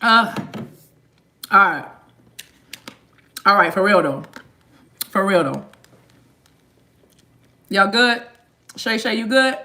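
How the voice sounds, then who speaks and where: A woman's voice: mid-range voice, expressive, slow, pauses often, sharp tone. A woman hosting a tarot live stream, chatting casually and playfully with viewers in slang, joking and laughing often. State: eating a mint while talking.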